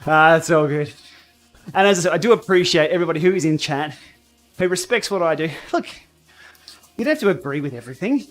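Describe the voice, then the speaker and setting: A man hosting a casual cycling livestream from his home training room, blunt and outspoken, quick to laugh. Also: fairly high pitch, animated, a bit bright, faint music behind. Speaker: cycling YouTuber and livestream host. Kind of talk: casual livestream chat while riding.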